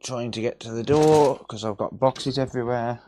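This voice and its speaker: A man hosting a casual repair livestream, greeting viewers by name in a relaxed, jokey way from a cluttered home workshop. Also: medium pitch, moderate pace, background noise. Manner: relaxed, jokey, reads chat names aloud.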